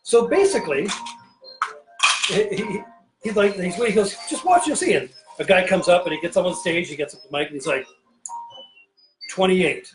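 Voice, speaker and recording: A man's voice: sits high, fairly quick, over music, low-quality recording. A man hosting a casual bartending show, telling a long joke in a rambling, playful way while mixing drinks in a home bar. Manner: rambling, self-interrupting, playful. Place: home pirate-themed bar.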